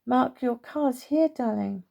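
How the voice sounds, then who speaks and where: A kind young mother speaks softly and patiently to her children, as a woman reads her part. Her voice is gravelly and mellow. Her manner stays calm and soothing. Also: sits high, slow, lo-fi sound, voice pushed up, full character voice.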